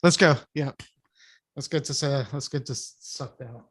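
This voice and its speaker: A man's voice: mid-range voice, measured pace, a bit bright, husky, no room sound. A male co-host chatting casually and telling long, wandering stories. He often restarts his sentences and breaks into laughs. His voice is dry and close to the mic. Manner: rambling storyteller, restarts and laughs. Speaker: podcast co-host. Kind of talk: casual chat.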